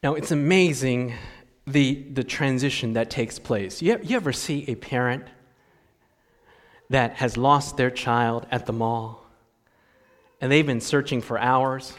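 A man's voice: medium pitch, measured pace, pauses often, in a large hall. A man preaching a sermon as a pastor, telling a story with animation and acting out the voices of frustrated parents.

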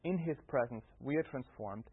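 Man, husky, earnest Bible discussion, reflective, tinny phone-like sound. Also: medium pitch, normal speed, no room sound. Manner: earnest, reflective, with frequent restarts. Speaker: Bible study panelist.

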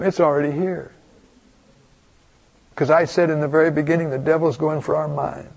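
Gravelly older man telling a sermon story. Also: a little high, a little fast, a little mellow. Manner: rambling, folksy, with many restarts and asides. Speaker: preacher.

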